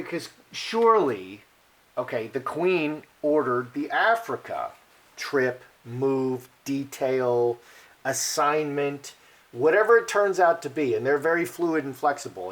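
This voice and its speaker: A man's voice: medium pitch, expressive, a little slow. Chatty man reading cards aloud. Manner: chatty, repetitive, thinking aloud. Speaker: card reader. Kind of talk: casual card-reading commentary.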